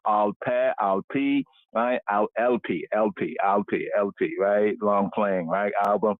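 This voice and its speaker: A man's voice: mid-range voice, dry recording. A man leading an unscripted scripture word study who tags nearly every phrase with "right?" and repeats words over and over. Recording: tinny phone-line sound, dry.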